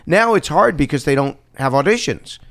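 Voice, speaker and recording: A man's voice: on the high side, expressive, normal speed, gravelly, a crowd in the background. A man in his fifties, an actor guest on a casual chat podcast, telling stories animatedly and laughing often.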